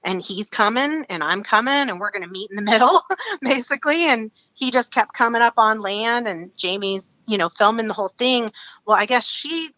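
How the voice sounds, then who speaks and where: A woman from Alaska, a podcast guest, telling a story in a lively, chatty way. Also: a little high, normal speed, dry recording, lo-fi sound. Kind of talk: casual storytelling.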